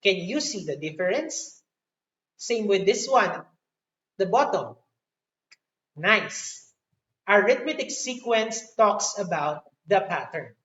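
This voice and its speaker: A woman with a Filipino accent teaching a live online math lesson, slow and encouraging. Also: mid-range voice, fairly bright tone. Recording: echoey room, distant dull mic.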